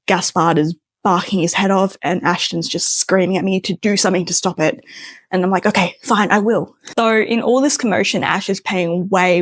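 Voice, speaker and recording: Young woman, low voice, chatty storytime narration, lots of fillers, dry close sound. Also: no room sound.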